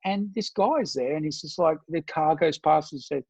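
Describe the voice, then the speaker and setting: A man with an Australian accent, a former soldier, telling stories in a casual interview and jumping into higher mock-friendly voices when he quotes people. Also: moderate pace, creaky, breathy edge, no echo, lo-fi sound. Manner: animated storyteller, slips into high mock-friendly voices when quoting.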